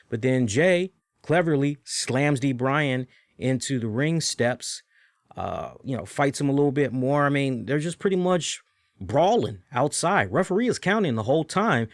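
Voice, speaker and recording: A man's voice: medium pitch, no echo, studio quality. Rambling man hosting a casual review. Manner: rambling, talks straight to viewers. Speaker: show host. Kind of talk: casual solo review chat.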